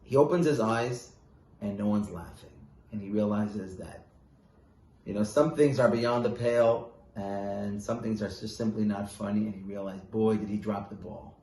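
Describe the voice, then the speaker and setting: A man's voice: lowish voice, moderate pace, reverberant. Man casually telling a Hasidic tale. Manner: casual, with fillers, bursts of loud animation. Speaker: storyteller. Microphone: phone voice message.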